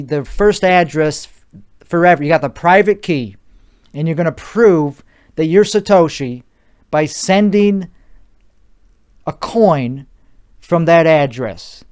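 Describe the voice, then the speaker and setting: A man's voice: a little high, a little mellow. A young man with a put-on Chicago accent hosting a solo comedy podcast, ranting in a rambling, profane, mock-bravado way. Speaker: podcast host.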